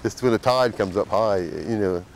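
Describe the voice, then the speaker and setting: A man's voice: on the low side, normal speed, vocal fry, a little hiss or hum. A man with an Outer Banks brogue, a fisherman telling stories in a casual interview, full of restarts. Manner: lively storytelling with restarts.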